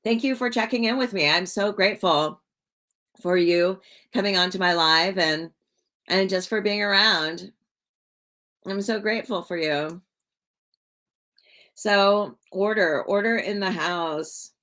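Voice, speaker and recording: A woman's voice: mid-range voice, a little slow, pauses often, bright, forceful tone. A woman hosting a casual livestream, talking to viewers in a rambling way with many fillers and repeated words. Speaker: livestream host.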